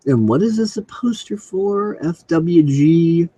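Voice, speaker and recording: A young man talking alone into his computer mic on a live stream, goofy and crude, with a voice that swings up and down a lot. He rambles with plenty of ums and breaks into loud comic squeals now and then. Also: fairly high pitch, expressive, slow pace, husky, low-quality recording. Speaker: comedy show host. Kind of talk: solo comedic commentary over screen share. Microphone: computer mic on a video call.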